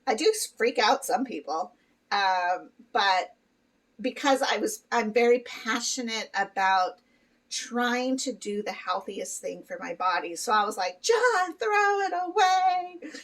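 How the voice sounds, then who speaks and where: A middle-aged woman talks casually to her vlog audience, candid and chatty, with frequent fillers and easy laughs. Her voice sits at an average pitch and comes across a little distant from the microphone. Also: unhurried, a bit bright. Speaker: vlogger. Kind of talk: casual chat to camera.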